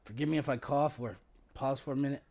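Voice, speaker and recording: A man with a hoarse, raspy voice and a sore throat, clearing his throat often as he hosts a casual stock market livestream with many pauses and fillers. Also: mid-range voice, fairly even intonation, a little mellow, slight background noise. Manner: halting, with many fillers and restarts.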